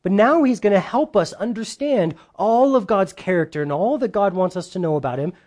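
A man's voice: high voice, expressive, brisk, hardly any pauses, darkish tone. A man who is a pastor, preaching an earnest, conversational sermon and checking in with his listeners.

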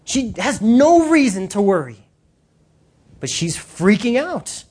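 A preacher delivering an animated sermon with emphatic, direct appeals to the congregation. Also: medium pitch, takes it slowly, slightly rough.

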